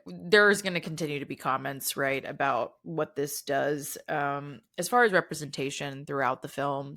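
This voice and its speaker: A woman, co-hosting a podcast in casual, animated chat and often saying "y'all". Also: low-pitched. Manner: chatty, animated, says "y'all". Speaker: podcast co-host.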